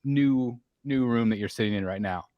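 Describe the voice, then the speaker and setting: A man's voice: medium pitch, moderate pace, dry recording, lo-fi sound. Chatty man hosting a dry-sounding stream. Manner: rambling, chatty, many fillers. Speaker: live stream host. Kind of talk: casual chat.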